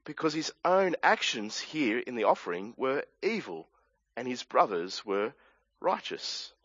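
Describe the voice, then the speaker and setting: A man's voice: mid-range voice, very animated, measured pace, fairly bright tone, slightly rough, no room sound. A man with an Australian accent preaching a sermon, explaining a passage earnestly with asides and restarts. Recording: dry, dull lo-fi sound.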